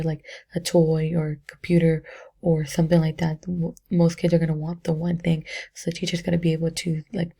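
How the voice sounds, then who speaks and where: Husky, gravelly young woman, chatty. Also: lowish voice, mellow. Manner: chatty, filler-heavy, self-correcting. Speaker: education student. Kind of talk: casual spoken book reflection.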